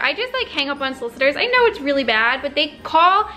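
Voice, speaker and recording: A young woman vlogs from her bedroom with a high, bright voice. She talks casually and dramatically, tossing in quick exclamations. Soft music plays faintly behind her. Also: very animated. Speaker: vlogger. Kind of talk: casual chat to camera. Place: home bedroom.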